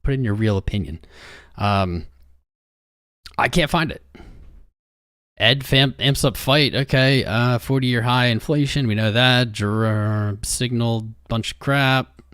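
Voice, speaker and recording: A man's voice: medium pitch, takes it slowly, pauses often, a bit bright, smooth, dry recording, studio quality. A young man hosting a crypto livestream, talking restlessly to his chat while he searches for something.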